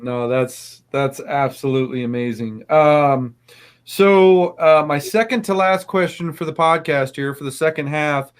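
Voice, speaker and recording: A man's voice: fairly high pitch, measured pace, clean tone. A man hosting a casual podcast interview, effusive and full of um and uh fillers. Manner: effusive, many fillers, repeats praise. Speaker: podcast host.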